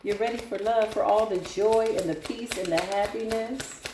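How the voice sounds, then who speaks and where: A woman giving a casual tarot reading to viewers, animated, blunt and sassy, swearing freely. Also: medium pitch, moderate pace, heavy background noise. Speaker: tarot reader. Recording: echoey room.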